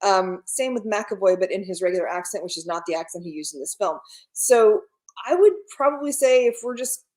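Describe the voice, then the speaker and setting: A woman co-hosting a casual movie podcast, animated and giggly, joking about herself. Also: mid-range voice, brisk. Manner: giggly, animated, self-deprecating. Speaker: podcast co-host.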